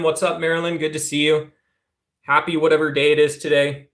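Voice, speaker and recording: Combative livestream host with lots of fillers. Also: male voice, fairly high pitch, steady tone, moderate pace, a bit bright, echoey room. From Southwest United States. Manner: combative, teasing, many fillers and restarts. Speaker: livestream host answering chat. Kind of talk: casual political livestream talk.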